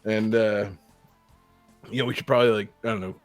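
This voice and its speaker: A man's voice: on the low side, fairly even intonation, brisk, soft background music. A young man hosting a casual gaming podcast, upbeat and rambling with lots of fillers, on a studio mic. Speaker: podcast host. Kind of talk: casual chat.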